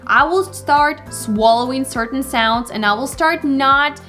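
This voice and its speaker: A young woman whose first language is not English, teaching pronunciation in a casual online lesson, encouraging and deliberate as she sounds out example words. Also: high-pitched, a bit bright, soft background music.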